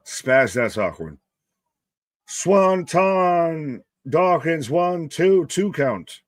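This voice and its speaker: A man's voice: a little high, big pitch swings, extremely slow, no echo. Profane, laughing man on a dry mic. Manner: loose, profane, laughing, talks to chat by name. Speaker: live stream host and wrestling commentator. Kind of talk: casual live-stream commentary reading chat.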